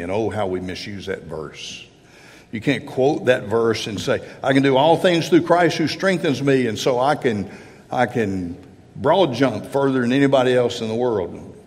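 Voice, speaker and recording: A man preaching a sermon, slow and halting, with repeated words and stresses on key phrases. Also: lowish voice. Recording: long reverb of a large hall.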